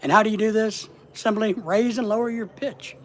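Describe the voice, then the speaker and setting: A man's voice: high-pitched, fairly even intonation, normal speed, a little hiss or hum. A middle-aged man with a slight Southern accent who coaches online business in a rambling, plainspoken, casual livestream lesson.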